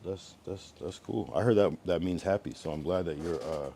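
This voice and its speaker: A young man livestreaming, chatting to viewers in a rambling, profane way, swinging from mutters to loud taunts. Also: low-pitched, normal speed, creaky, slightly rough. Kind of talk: casual live-stream chat reacting to viewers.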